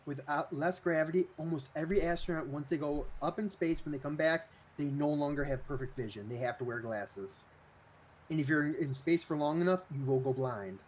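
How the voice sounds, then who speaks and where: Casting: man, fairly high voice, earnest explainer, lo-fi mic. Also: a little fast, a little hiss or hum. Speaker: podcast panelist. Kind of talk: casual group chat. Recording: dull lo-fi mic.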